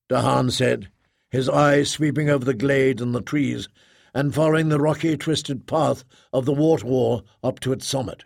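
A man narrating an audiobook in a measured, even storytelling manner. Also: medium pitch, creaky, dry recording, studio quality.

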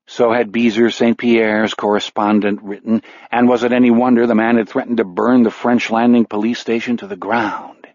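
A man narrating a dark novel in a measured, grim storytelling voice. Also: mid-range voice, little pitch movement, no echo. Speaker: audiobook narrator. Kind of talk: scripted narration. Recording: dull, dry studio audio.

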